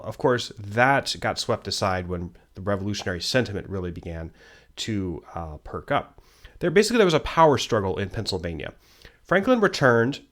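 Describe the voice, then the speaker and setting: A man teaching a history lesson in a loose, conversational way, pausing often with ums and uhs. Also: on the low side, a bit bright. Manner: conversational, many ums and uhs, self-deprecating asides. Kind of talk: unscripted history lecture.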